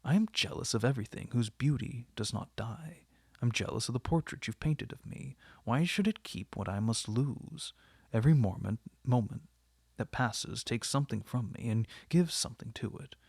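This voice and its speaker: A man reading the part of an anguished, vain young man who pleads theatrically, with a gravelly, husky voice. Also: medium pitch, lively intonation, moderate pace, darkish tone, no room sound, studio quality.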